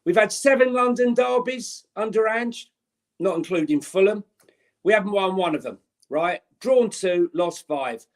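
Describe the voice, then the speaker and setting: A blunt, exasperated man co-hosts a casual fan podcast. His voice sits a touch high for a man, and he hammers his points home. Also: expressive, measured pace. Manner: blunt and exasperated, ranting through stats. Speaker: podcast co-host.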